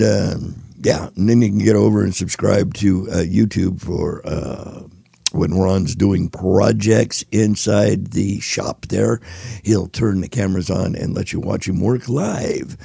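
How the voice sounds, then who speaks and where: A man's voice: sits low, creaky, dark tone, breathy edge, no room sound. A man hosting and rambling in a folksy, casual way between comedy clips. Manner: rambling, folksy, drawn-out fillers. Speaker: podcast host. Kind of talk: casual chat.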